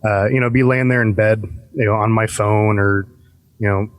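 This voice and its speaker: A man on a podcast telling a ghost story casually, with lots of uhs and restarts. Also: fairly low pitch. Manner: relaxed, halting with many fillers. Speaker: podcast guest.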